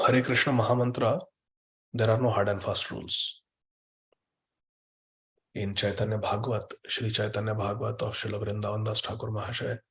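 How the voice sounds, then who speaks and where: A man giving a devotional scripture class in an online meeting, emphatic and repeating words for stress. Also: fairly low pitch. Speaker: spiritual teacher.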